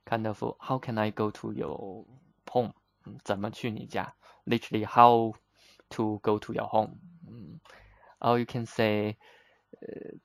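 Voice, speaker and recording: Slow, gravelly-voiced man teaching vocabulary. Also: lowish voice, little pitch movement, no echo. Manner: patient, repeats words slowly, frequent "uh" fillers. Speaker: Chinese teacher. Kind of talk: vocabulary lesson explanation.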